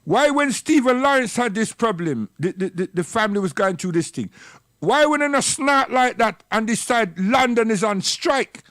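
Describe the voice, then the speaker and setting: A man's voice: high-pitched, expressive, normal speed, a bit bright, dry recording, clean studio sound. A man giving a rambling, scolding, impassioned livestream monologue. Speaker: livestream commentator.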